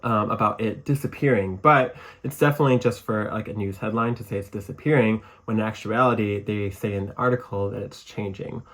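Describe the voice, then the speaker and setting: A man's voice: fairly low pitch, steady tone, fairly quick, hardly any pauses, a bit bright. A man with a Michigan accent hosting his own podcast, talking casually and rambling with lots of fillers and restarts. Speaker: podcast host. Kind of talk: casual solo podcast talk.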